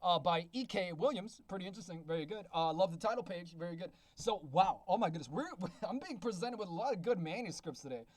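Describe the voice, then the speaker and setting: Breathless, excitable male vlogger, high-pitched, dry close sound, gushing book reviewer. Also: quick pace, hardly any pauses, no room sound. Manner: excitable, repeats exclamations. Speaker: beta reader and self-published author. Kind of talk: casual reading review vlog.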